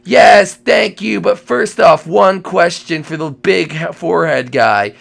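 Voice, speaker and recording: A lazy, drawling surfer-dude dinosaur, as a man acts him out in a Minecraft comedy role-play. His voice sits fairly high, crackles with heavy gravelly fry, and rolls out slow and easy, thick with slacker slang. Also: exaggerated voice. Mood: laid-back. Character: laid-back surfer-dude male dinosaur thawed from ice.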